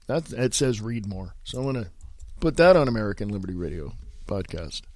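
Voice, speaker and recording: A man's voice: mid-range voice, lively intonation, brisk, a little mellow, no room sound. A man hosting a casual solo podcast, congested and sniffly from a sinus infection, rambling loosely and mumbling his asides. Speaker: podcast host. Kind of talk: casual solo podcast with read-aloud articles.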